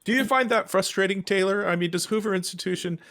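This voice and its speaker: A man's voice: sits high, quick pace, a bit bright, no echo. A man hosting a casual panel chat, describing cartoons aloud and quoting their characters. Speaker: host.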